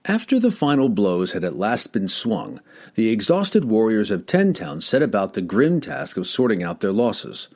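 A man narrating a fantasy audiobook in a dramatic, expressive storytelling manner. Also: fairly low pitch, moderate pace.

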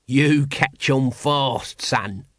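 A man's voice: medium pitch, very slow, no echo, clean studio sound. A man voicing a cynical, scruffy small corporal who wheedles out of the corner of his mouth. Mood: sly.

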